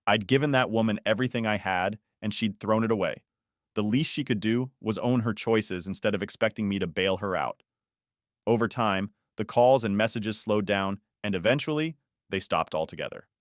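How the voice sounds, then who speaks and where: A man narrating a first-person story in a steady, matter-of-fact way. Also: lowish voice, no echo, clean studio sound.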